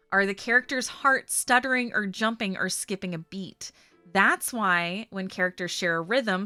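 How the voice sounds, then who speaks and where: Rambly lady streamer chatting to her viewers, bright tense voice, faint music behind. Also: on the low side, clean tone, dry recording. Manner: chatty, rambling, laughs often. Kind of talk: casual chat.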